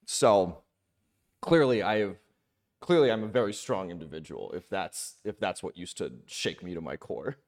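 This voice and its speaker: A young man chatting on a podcast, telling self-mocking stories in an animated way. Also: low-pitched, a little fast, hardly any pauses. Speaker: comedian guest. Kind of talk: casual podcast chat. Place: podcast studio room.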